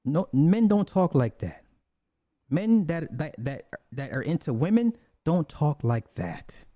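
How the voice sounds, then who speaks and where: A man ranting in casual commentary. His voice sits dark and mellow, recorded close and dry with no room sound. He talks bluntly and profanely, repeating himself and restarting lines. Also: fairly high pitch, big pitch swings, takes it slowly, no room sound.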